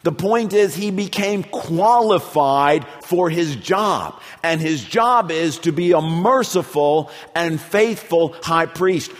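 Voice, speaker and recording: A man preaching a sermon as a pastor, moving between fervent emphasis and a soft, hushed delivery. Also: a little high, expressive, slow pace, few pauses, soft background music. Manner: preaches with rising intensity, then drops to a soft, hushed tone. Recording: long hall reverb.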